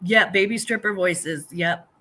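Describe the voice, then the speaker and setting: A woman's voice: fairly low pitch, a little slow, pushed and bright. An older woman from the United States, chatting casually as a guest and slipping into mocking voices. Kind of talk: casual chat.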